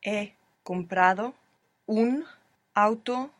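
A female student in a language lesson answers at a very slow pace, hesitating as she builds each phrase. Her voice is recorded dry and close, with little room sound. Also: medium pitch, no room sound.

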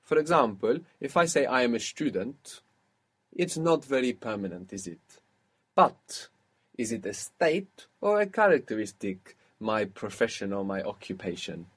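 A man's voice: mid-range voice, very animated, measured pace, fairly bright tone, breathy edge. A man teaching a spoken language lesson, patiently explaining grammar step by step and quizzing his student.

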